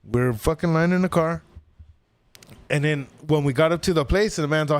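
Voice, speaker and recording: As a podcast guest, a man spins a casual, rambling story full of swearing, acting out people's lines with animation. His fairly high voice moves at normal speed, sounding clean with no echo.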